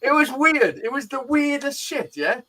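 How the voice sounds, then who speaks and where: A man's voice: very high voice, moderate pace, a little hiss or hum. A man hosting a live stream, telling stories in casual, swearing banter over a video call. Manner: swearing, animated storytelling.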